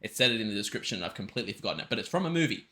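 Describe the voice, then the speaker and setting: Excitable man reacting. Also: fairly low pitch, rapid-fire. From Australia. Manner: excitable, rambling with restarts. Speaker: music reaction video host. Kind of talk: casual reaction commentary.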